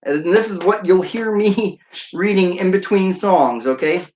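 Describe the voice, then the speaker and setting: A man's voice: sits high, lively intonation, measured pace, dull audio. A man, a radio DJ, hosting a casual livestream, talking in a jokey, playful way. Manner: jokey, playful, breaks into sung snippets and laughs.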